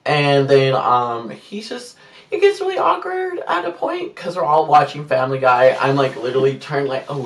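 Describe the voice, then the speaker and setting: A young man vlogging in a casual storytime chat, animated, jumping to squeaky highs and hushed whispers when he acts out his own reactions. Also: far from the mic. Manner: animated, swings into loud high squeals and hushed whispers when quoting himself. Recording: roomy echo, a bit off-mic.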